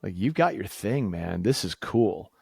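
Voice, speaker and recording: A man's voice: fairly low pitch, expressive, unhurried, gravelly, darkish tone, husky, no echo. A man, telling a story on a podcast in a casual way and acting out the dialogue with big jumps in his voice. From Massachusetts, USA. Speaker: co-founder telling the company story.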